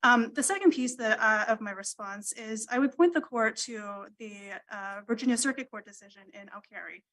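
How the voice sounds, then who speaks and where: A woman lawyer making a formal argument to appellate judges, measured and deferential, with frequent ums. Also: on the high side, a bit bright, rough recording. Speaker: attorney arguing appeal. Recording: courtroom livestream audio.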